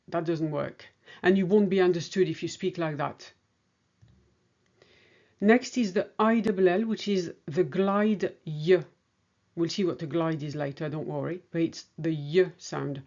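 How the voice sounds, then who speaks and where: A woman teaches pronunciation in a lesson video, sounding each word out clearly and deliberately. Her voice sits a little low. The recording is dull and muffled. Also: darkish tone. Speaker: French teacher. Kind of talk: scripted language lesson.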